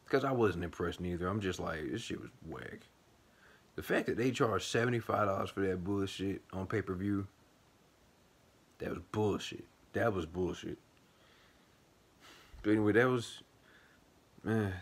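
A man with a somewhat low voice hosts a boxing vlog and breaks down a fight in loose, casual talk. He vents bluntly and swears freely, with lots of animation. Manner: blunt, profane, animated venting. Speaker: boxing channel host.

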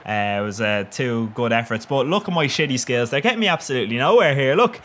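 A man's voice: mid-range voice, animated, quick pace, fairly bright tone, slight background noise. A young man giving cheeky, sweary commentary over his own gameplay, laughing often. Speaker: gaming commentator.

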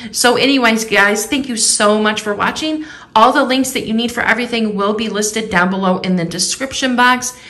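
A woman's voice: medium pitch, a bit bright. A woman vlogger chatting casually as she goes through a shopping haul, reading out prices and rebates item by item. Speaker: couponing vlogger.

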